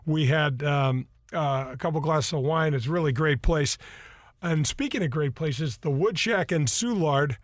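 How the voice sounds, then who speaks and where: A man's voice: on the high side, a little slow, no room sound, studio quality. A man hosting a golf radio show, chatting in a rambling, casual way with lots of fillers. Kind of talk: casual radio talk with live sponsor reads. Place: radio studio. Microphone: studio microphone.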